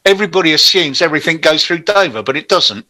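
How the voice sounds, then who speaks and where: A man's voice: on the high side, animated, fast talker, bright, forceful tone. An English man co-hosting local radio, explaining things in a matter-of-fact, opinionated way. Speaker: radio co-host. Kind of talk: casual radio chat.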